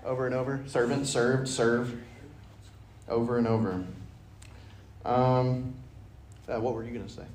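A man leading an interactive Bible study, reading scripture and acting out the dialogue with lively energy. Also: mid-range voice, unhurried, long pauses, slight background noise. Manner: animated, acts out dialogue in voices. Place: church meeting room. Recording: echoey room.

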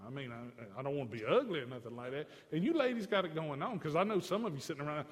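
A man with a notably high voice preaches a sermon, easing into folksy, conversational asides before building to emphatic declarations. His voice carries through a church sanctuary with a long, lingering reverb. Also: expressive, fast talker, few pauses. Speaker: pastor.

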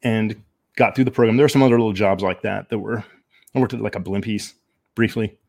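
A low-pitched man with a gravelly edge to his voice speaks as a podcast guest. He shares his story candidly, in an unhurried, reflective way, pausing often with ums. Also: steady tone, a little mellow. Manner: reflective and measured, with frequent ums.

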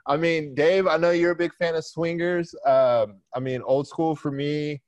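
A man, co-hosting a podcast in easygoing, steady casual chat. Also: on the high side, measured pace, dry recording. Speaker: podcast co-host.

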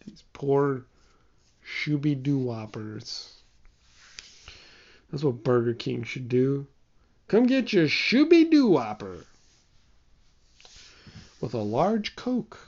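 Slow, mellow, rambling self-mocking talker. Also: medium pitch, highs cut off. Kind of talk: casual solo chat.

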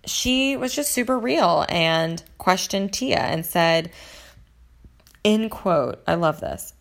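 A woman with a lowish voice and a lot of vocal fry, talking in casual chat. She rambles on about reality TV in a gossipy tone. Her talk is full of fillers. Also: animated, takes it slowly. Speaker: reality TV commentator.

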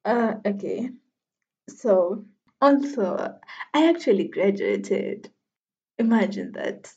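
A young woman in her twenties chats alone into her podcast mic, mid-pitched and easygoing. She laughs a lot and teases herself as she rambles. The recording sounds a little dull and lo-fi. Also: lively intonation, slow pace, warm tone. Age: 20s. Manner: chatty, laughs often, self-deprecating. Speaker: podcast host. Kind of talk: casual solo podcast chat.

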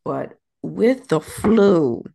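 A woman's voice: lowish voice, animated, extremely slow, gravelly, mellow. A woman co-hosting a podcast while sick and out of breath, complaining in tired casual chat with speech. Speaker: podcast co-host.

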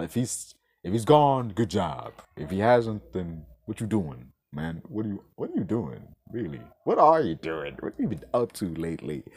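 A man's voice: fairly low pitch, darkish tone, a little hiss or hum. A man hosting a podcast, ranting with exasperated, sarcastic, profane commentary. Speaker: podcast host.

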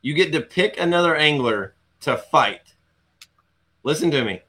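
A man's voice: on the high side, expressive, measured pace, pushed and bright, husky. A man hosting a casual fishing chat show, loose and joking, heavy on slang. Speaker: host.

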